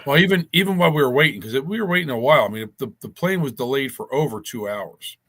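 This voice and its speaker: A man's voice: medium pitch, lively intonation, quick pace, a bit bright. A man telling a long, rambling story in casual chat, with many restarts.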